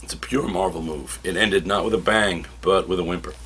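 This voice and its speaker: A man reviewing comic books in a casual, animated way, now and then acting out characters' lines. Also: low-pitched, a little fast, slight background noise.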